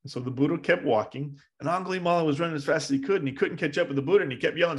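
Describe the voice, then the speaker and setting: A man's voice: on the high side, racing, few pauses. A male Zen teacher retelling a story in a casual dharma talk, rambling with hesitations and restarts.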